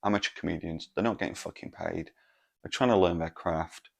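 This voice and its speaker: Host, man, low gravelly voice, exasperated, swears constantly. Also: fairly quick, a little mellow. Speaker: podcast host. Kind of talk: solo comedic podcast rant.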